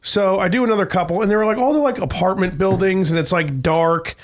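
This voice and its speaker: A man on a casual podcast, telling a long, profane, rambling story and mimicking other people in a higher voice. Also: fairly quick, noisy background. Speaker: podcast co-host. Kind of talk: casual chat.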